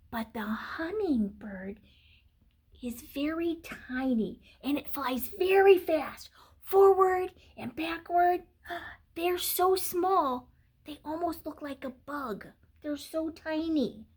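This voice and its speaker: A woman reading a children's picture book aloud, animated, with gasps, whispers and playful animal sounds. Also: extremely high pitch, slow.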